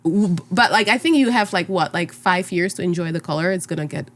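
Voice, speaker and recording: A woman's voice: fairly low pitch, brisk, a bit bright. Woman, English; podcast guest, teasing, laughs easily. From Czech Republic. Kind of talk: casual chat.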